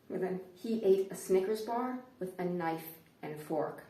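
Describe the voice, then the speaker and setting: A woman comedian performing a stand-up routine, telling her stories in an animated way. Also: mid-range voice, moderate pace, hardly any pauses. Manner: animated storytelling. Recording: roomy, distant mic.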